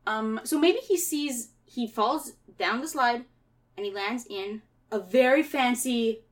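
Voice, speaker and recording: A woman's voice: on the high side, slow, distant mic. A woman improvising a story with a partner in a playful way, often laughing.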